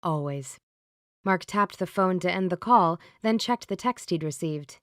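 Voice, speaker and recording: Woman narrator, audiobook, lowish voice, dry close mic. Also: normal speed, a bit bright, no room sound. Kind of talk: scripted narration.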